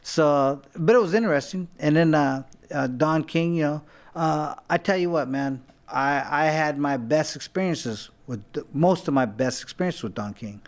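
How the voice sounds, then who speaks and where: A man's voice: fairly high pitch, moderate pace. Rambling man telling boxing stories. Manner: rambling, many restarts, acts out quotes. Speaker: guest, former boxer. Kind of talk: casual storytelling.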